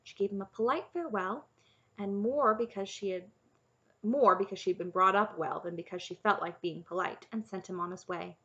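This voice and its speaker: A woman's voice: medium pitch, fairly quick, fairly bright tone, lo-fi sound. Woman reading a storybook aloud. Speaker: audiobook narrator. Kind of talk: storybook narration.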